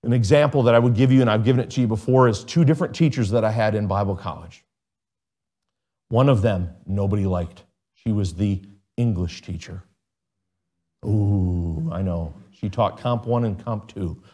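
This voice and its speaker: A middle-aged man preaching a sermon in an earnest, conversational way, with sudden jumps in pitch and volume. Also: moderate pace, mellow. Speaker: pastor.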